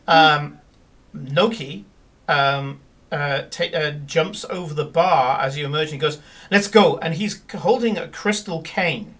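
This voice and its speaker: A man's voice: fairly high pitch, a little slow, fairly bright tone, recorded from a distance. A man running a tabletop game as game master, narrating scenes with many fillers and restarts.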